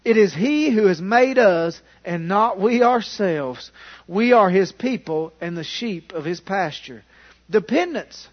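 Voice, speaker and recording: A man preaching a sermon as pastor, fervent, with restarts and loud exclamations. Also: high voice, animated, unhurried. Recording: dull lo-fi sound.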